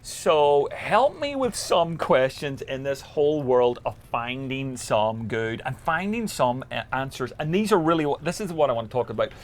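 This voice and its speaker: A man with an Irish accent, hosting a casual interview outdoors on a boat at sea, animated and jokey. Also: medium pitch, moderate pace, hardly any pauses. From Ireland. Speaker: host.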